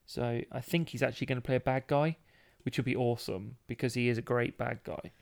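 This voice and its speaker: A man's voice: mid-range voice, steady tone, fairly quick, gravelly, a little mellow. A young man from the Dudley area with a Black Country accent, co-hosting a casual podcast and telling stories in a rambling way with frequent laughs. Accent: Black Country English. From Dudley area, West Midlands England. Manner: rambling storyteller, laughs often. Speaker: podcast co-host.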